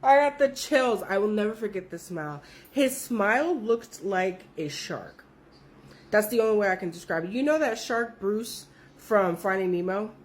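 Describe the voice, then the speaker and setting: A woman telling a story in a casual, profane, animated way, with her voice jumping up when she quotes people. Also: moderate pace. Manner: animated, profane, jumps high when quoting others.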